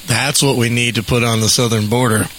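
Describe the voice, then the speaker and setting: A man co-hosting a podcast in casual chat, tossing out quick jokes. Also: medium pitch, fairly even intonation, a bit bright, a little hiss or hum, rough recording. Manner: joking, quick quips. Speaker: podcast co-host.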